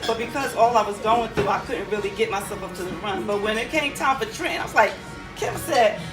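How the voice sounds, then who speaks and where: A woman's voice: medium pitch, brisk. A woman sharing her personal story with a running group, speaking emphatically and laughing often. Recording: echoey room from far off, with crowd and music.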